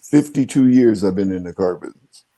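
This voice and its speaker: A man in his seventies with a low, mellow, darker voice tells stories in a relaxed, folksy way. He speaks plainly and colloquially, like a veteran car dealer passing on what he has learned. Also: a little fast. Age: 70s. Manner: folksy, colloquial storyteller, gives advice. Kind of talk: casual podcast talk.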